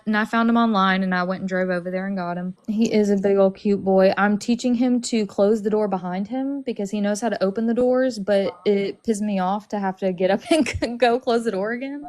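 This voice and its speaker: Young woman, subtle Southern accent, very fast chatty talk, bubbly, casual livestream. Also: mid-range voice. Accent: light Southern, mostly Californian-sounding. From Alabama. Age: young adult. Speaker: paralegal guest.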